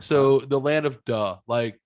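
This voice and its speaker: A man's voice: medium pitch, moderate pace, dull audio. A man hosting a podcast in casual, profane, rambling chat. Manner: profane, rambling, laid-back. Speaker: podcast host.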